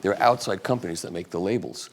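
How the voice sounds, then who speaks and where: A guest speaker at a live audiophile talk, this man has a low voice and talks fast. He answers audience questions in a rambling, chatty way, full of restarts and asides.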